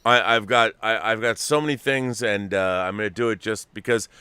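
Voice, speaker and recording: A middle-aged American man hosting a casual chat, rambling and animated, full of restarts. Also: lowish voice, normal speed, a loud crowd. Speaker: host.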